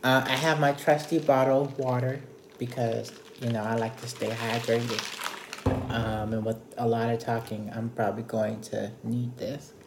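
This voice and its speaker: A man's voice: medium pitch, little pitch movement, moderate pace, creaky, reverberant, slight background noise. A man leading a casual Bible study, retelling scripture in a chatty, playful way. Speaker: Bible teacher.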